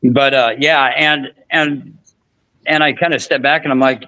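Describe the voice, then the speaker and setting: A man's voice: medium pitch, steady tone, a little slow, sharp tone, clear, resonant tone, dry recording, poor audio. A man hosting a podcast, telling a long story in casual chat with frequent restarts and fillers. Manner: rambling, many restarts and fillers. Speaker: podcast host.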